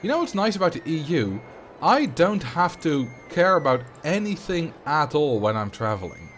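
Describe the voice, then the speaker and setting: A man's voice: a little high, very animated, moderate pace, a little hiss or hum. Dutch-accented man chatting on a livestream. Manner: rambling, chatty, reads out and answers viewer chat. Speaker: streamer. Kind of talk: casual livestream chat while playing a game.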